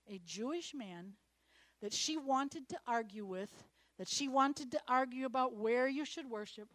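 A middle-aged woman delivers a sermon in a fairly high voice. She acts out the characters in the story, swinging from loud to hushed. The sound is dry and close, with little room in it. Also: dry recording. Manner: animated, acts out Bible characters, drops to hushed whispers. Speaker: preacher.

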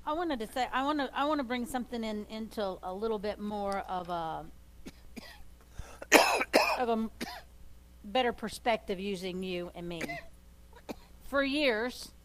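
A woman co-leading a church talk, telling personal stories in a halting way with many restarts. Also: mid-range voice. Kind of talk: sermon conversation.

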